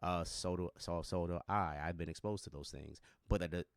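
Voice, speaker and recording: A man's voice: sits low, normal speed, vocal fry, dry recording, studio quality. A man commenting on video clips in a casual, conversational way, full of slang and filler words.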